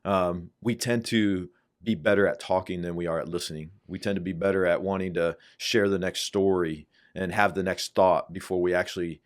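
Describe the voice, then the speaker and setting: A man hosting a podcast, asking thoughtful follow-up questions in a measured way and summing up points. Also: sits low, fairly even intonation. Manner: measured, affirming, sums up and asks follow-ups. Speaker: podcast host. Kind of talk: interview questions and reflection.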